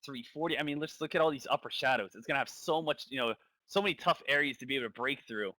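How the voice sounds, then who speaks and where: Bright-voiced casual stock trading commentator man. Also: mid-range voice, quick pace, dry recording. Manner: casual, thinks aloud, repeats phrases. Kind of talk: live trading stream commentary.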